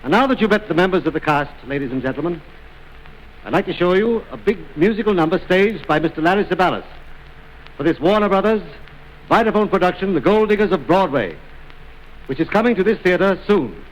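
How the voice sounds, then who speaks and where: A man's voice: high voice, expressive, brisk, low-quality recording. A man presenting a 1920s film trailer, introducing the cast in a courtly, formal way and scolding them politely in jest.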